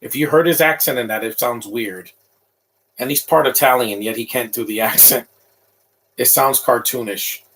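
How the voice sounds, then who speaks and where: A man's voice: medium pitch, normal speed, fairly bright tone, a little hiss or hum, poor audio. A man in his thirties giving casual, opinionated live commentary over a movie, rambling with frequent restarts.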